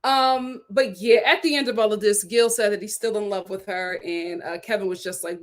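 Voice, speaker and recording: A woman hosting a live-stream recap of a reality show, talking in a dramatic, animated way and laughing often. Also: a little high, moderate pace. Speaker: reality TV review host.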